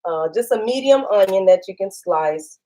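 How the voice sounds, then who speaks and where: A woman hosting a casual live cooking demo from her home kitchen, chatty and excitable, laughing often and talking straight to her viewers. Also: mid-range voice, normal speed, slight background noise, rough recording. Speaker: cooking channel host.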